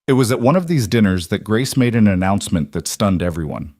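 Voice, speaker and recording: A man narrating a scripted family story in an even, unhurried way. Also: on the low side, no echo, studio quality.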